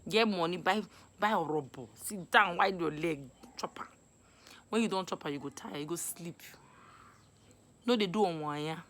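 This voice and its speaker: Young Nigerian woman, casual vlog monologue, animated and scolding, lowish voice. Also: moderate pace, long pauses. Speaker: vlogger. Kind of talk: casual Pidgin advice monologue.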